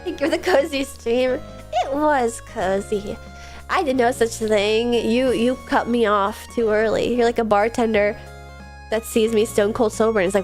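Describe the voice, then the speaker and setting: A woman's voice: on the high side, normal speed. Stuffy-nosed young woman streamer rambling. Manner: rambling, filler-heavy, giggly. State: stuffed-up nose from a cold. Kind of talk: casual late-night stream chat. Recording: soft music behind.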